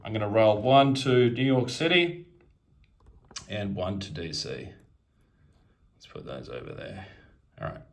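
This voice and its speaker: A man's voice: mid-range voice, fairly bright tone. A man narrating his turn in a strategy board game, methodically counting units and pieces aloud as he moves them.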